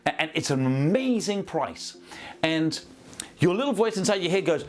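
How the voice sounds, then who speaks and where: A man coaches sales teams in a talk to the camera. His slightly high voice rises and falls animatedly as he acts out little scenes. He keeps it chatty and practical. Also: normal speed, faint music behind. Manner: lively, conversational, acts out examples. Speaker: business trainer and coach.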